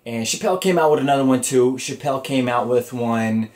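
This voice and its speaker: A man hosts his own comedy podcast alone, chatting casually from what sounds like a home setup. His voice sits at an ordinary middle pitch. He curses freely and rambles, stumbling through fillers and restarts as he goes. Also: brisk, a little mellow. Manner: loose and profane, with frequent fillers and restarts. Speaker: podcast host. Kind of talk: casual solo podcast talk.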